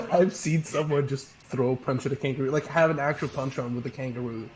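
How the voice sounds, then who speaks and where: A man's voice: medium pitch, brisk, crowd noise, poor audio. A man with an Australian accent chatting casually on a voice call, laid-back and swearing freely. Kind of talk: casual chat with friends. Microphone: voice call mic.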